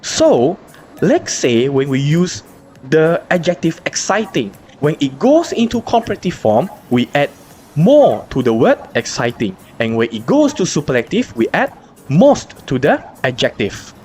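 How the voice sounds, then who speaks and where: A woman teacher, explaining grammar in an online lesson, spelling out letters slowly and asking rhetorical questions. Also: low voice, sing-song, darkish tone, faint music behind. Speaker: English teacher.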